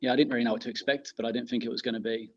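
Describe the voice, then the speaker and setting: A man's voice: mid-range voice, steady tone, rapid-fire, dull audio. A man with a British accent, a guest teacher chatting casually and self-deprecatingly on a podcast. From United Kingdom.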